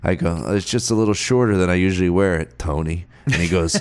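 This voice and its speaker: A man's voice: sits low, normal speed. A man hosting a podcast, telling a funny personal story and acting out the people in it. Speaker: podcast host. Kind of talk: comic storytelling.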